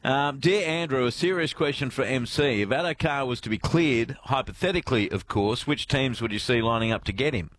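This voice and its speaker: A man's voice: mid-range voice, fairly quick, hardly any pauses, a bit bright. An Australian man hosting sports radio, bantering with his co-hosts and reading listener texts aloud.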